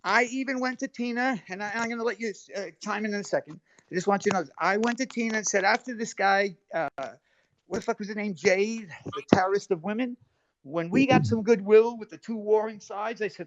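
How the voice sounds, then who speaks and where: Agitated high-voiced man on a live stream. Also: fairly quick, no echo. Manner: agitated, defensive, swearing, keeps cutting in. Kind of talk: heated live-stream argument. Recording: dull lo-fi stream audio.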